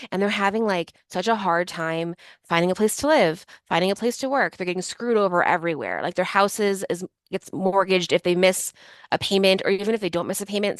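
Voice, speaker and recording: Chatty low-voiced woman podcast co-host. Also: no echo. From Chicago. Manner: chatty, rambling with many fillers. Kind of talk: casual chat.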